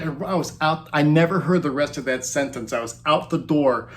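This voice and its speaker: A man's voice: a little high, moderate pace. A man in his fifties telling a rowdy comic story in a rambling, casual way and chuckling often as he goes. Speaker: former roadie telling tour stories. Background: music playing under the voice.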